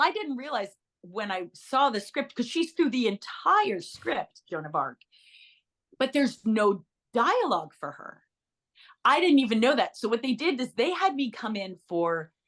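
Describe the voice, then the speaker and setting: A middle-aged woman, an actress being interviewed, telling anecdotes in a chatty, animated way, often restarting her sentences and adding asides. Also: fairly high pitch, measured pace. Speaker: actress guest.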